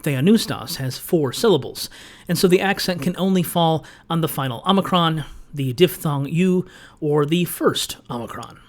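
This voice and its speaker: With a slightly high voice at a moderate pace, a man reads a scripted rebuttal as a video essayist. His delivery is sarcastic and lecturing, pointed and explanatory.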